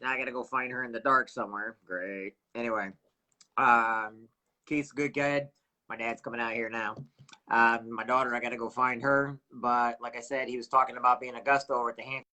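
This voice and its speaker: A middle-aged man hosts a loose, casual livestream. He rambles and hunts for words out loud. His voice is bright and forceful. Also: medium pitch, fairly even intonation, fairly quick. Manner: rambling, loses his train of thought. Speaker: livestream host.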